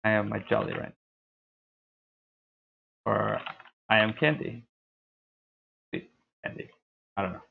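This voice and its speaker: A young man streaming a game, talking through his play in a laid-back, rambling way with a deep, dark voice. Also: steady tone, unhurried, vocal fry, long pauses, a little hiss or hum. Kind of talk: casual gameplay commentary. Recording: tinny lo-fi stream mic.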